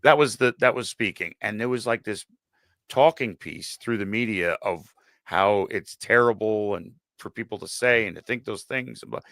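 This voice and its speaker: A man's voice: lowish voice, normal speed, vocal fry, fairly bright tone, no echo. Ranting man, dry sound. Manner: ranting, opinionated. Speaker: podcast co-host. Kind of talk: casual profane chat.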